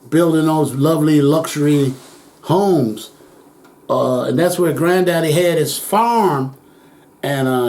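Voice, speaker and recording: A man's voice: sits high, a little mellow. An older man recounting childhood memories in an oral history interview, acting out the voices of people he quotes and chuckling as he goes.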